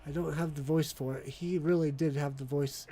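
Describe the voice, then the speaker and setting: A man's voice: fairly high pitch, steady tone, normal speed, warm tone. A man streaming a game, chatting casually with friends and humming while he browses menus. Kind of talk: casual gaming chat.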